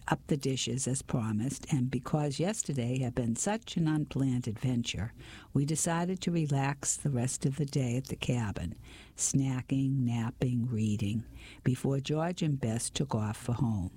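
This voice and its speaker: A reader narrating an audiobook in steady first-person storytelling. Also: mid-range voice, slightly rough, no room sound. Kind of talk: audiobook reading.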